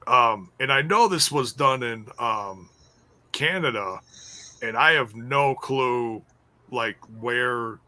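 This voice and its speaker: Bright-voiced chatty male podcast host. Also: mid-range voice, takes it slowly, no room sound. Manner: chatty, laughs often, rambling asides. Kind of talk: casual wrestling review chat.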